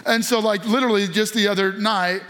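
A man in his thirties preaches from the pulpit with a high-pitched voice. He tells stories in a loose, conversational way and acts out the quotes. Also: fairly even intonation, fairly quick, a bit bright. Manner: casual storytelling with acted quotes. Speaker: pastor. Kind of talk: sermon.

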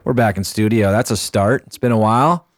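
A man's voice: lowish voice, fairly quick, no room sound. A man hosting a casual morning radio show from the studio, upbeat and jokey, talking in short punchy bits.

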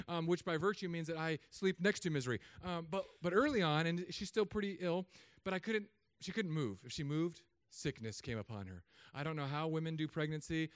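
A man in his thirties from Southern California, a pastor giving a humorous sermon with animated storytelling and put-on voices. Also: high voice, clear, resonant tone, no room sound, studio quality.

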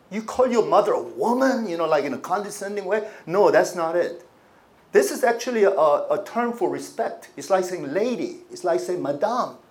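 A male pastor delivering a sermon in a chatty, conversational style. His voice sits a little high for a man, and he keeps asking his listeners rhetorical questions. He drops to near-asides and then rises to emphatic, louder points. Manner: swings from quiet to emphatic.

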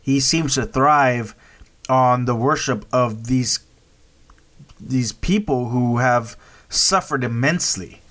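A man's voice: medium pitch, slow pace, a bit bright. A man hosting a podcast, casually recapping a horror film with many restarts and "right?" checks. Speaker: podcast host. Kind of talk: casual movie review chat.

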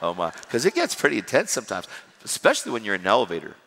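A middle-aged man preaching his personal testimony in a conversational style, swinging between loud and hushed. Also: mid-range voice, huge pitch swings, racing, vocal fry, slight background noise. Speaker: evangelist. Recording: long reverb of a large hall.

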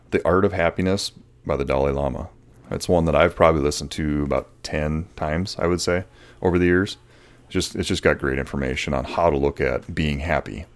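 Very deep-voiced man hosting a podcast. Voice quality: soothing voice. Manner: relaxed, rambling, with frequent fillers and restarts. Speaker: podcast host. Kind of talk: casual solo podcast talk.

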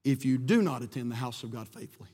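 A male pastor preaching a sermon with passion, swelling and then dropping to quiet emphasis, in a church sanctuary. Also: mid-range voice, expressive, fast, slightly rough. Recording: long reverb of a church hall.

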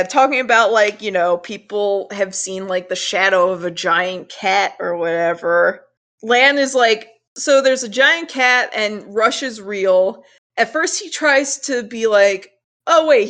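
A woman in a casual chat, retelling a cartoon episode with lots of energy. She swears freely and jumps into quick voices for the characters. Her pitch sits mid-range. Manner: animated, swears, acts out lines in quick voices. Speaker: podcast co-host.

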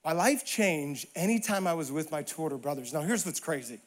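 A man with a notably high voice delivers a sermon. He tells a personal story with playful, acted-out lines, then lifts into emphatic, building preaching. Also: brisk.

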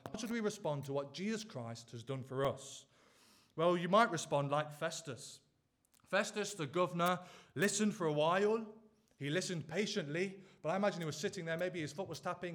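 A man's voice: high-pitched, a little fast, a bit bright. Earnest preacher man pressing questions. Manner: earnest, driving rhetorical questions. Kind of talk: sermon.

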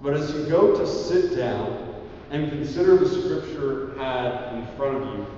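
A man, a priest, preaching an animated sermon and drawing the audience to repeat after him. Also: mid-range voice, unhurried, a little hiss or hum. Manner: animated, audience call-and-response. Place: large hall. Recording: echoey hall from far off, dull sound.

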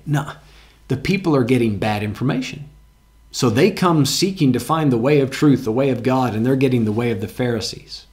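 A man's voice: medium pitch, fairly quick, a little mellow. A man preaching a sermon in a church, talking earnestly and conversationally, often repeating words as he goes and reading scripture aloud with emphasis. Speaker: pastor. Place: church sanctuary with congregation.

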